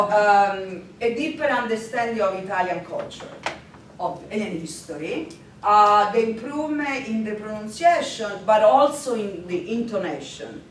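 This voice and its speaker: Give me a woman teacher giving a workshop talk, with lots of ums and laughs, recorded from far off in a very echoey hall. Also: medium pitch. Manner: lively, often laughing, frequent hesitations. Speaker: language instructor presenting at a teaching workshop. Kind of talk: workshop presentation. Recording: very echoey, distant, faint noise.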